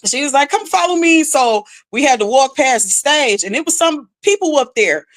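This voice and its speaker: A woman's voice: sits high, normal speed. A woman rapper, telling a story as a podcast guest and acting out what people said. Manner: animated, acts out quotes, frequent "like". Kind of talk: casual storytelling.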